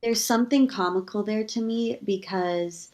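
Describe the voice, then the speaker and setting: A woman's voice: normal speed, a little mellow. A woman giving casual feedback on a comedy set, thinking aloud with many fillers and acting out suggested lines. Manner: thoughtful, many likes and ums, acts out pitch ideas.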